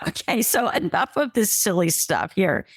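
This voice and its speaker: A woman's voice: medium pitch, expressive, breathy edge, no echo, studio quality. Bantering female podcast co-host. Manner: bantering, quick to laugh. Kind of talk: casual chat.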